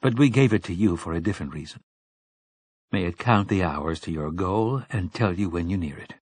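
A man doing a soft-spoken young woman. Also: low-pitched, expressive, moderate pace, husky, no room sound. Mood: gentle. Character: gentle young woman, softly earnest.

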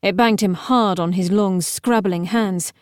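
A woman narrating an audiobook in a wry, even storytelling manner. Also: mid-range voice, a little slow, smooth, dry recording. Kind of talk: scripted narration. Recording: dry, close studio sound.

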